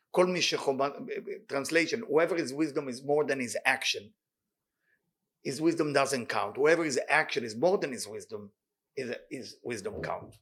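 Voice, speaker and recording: Excitable male Torah teacher, rapid speech, slightly high voice, reads Hebrew fast and then translates. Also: slightly rough. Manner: animated, excitable delivery. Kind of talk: weekly Torah study class.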